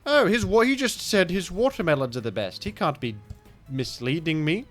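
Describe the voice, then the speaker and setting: A man's voice: lively intonation, normal speed, a bit bright, soft background music. Man doing a dopey, gullible commenter. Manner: high, dopey and credulous. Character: gullible, easily convinced male online commenter.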